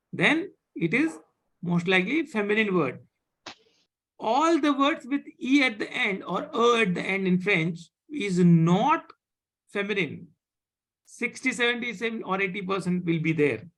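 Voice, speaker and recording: Teaching beginners French live over a video call, this teacher from India patiently goes back over points and checks that the students are keeping up. The voice is medium-pitched, creaky, and a bit bright.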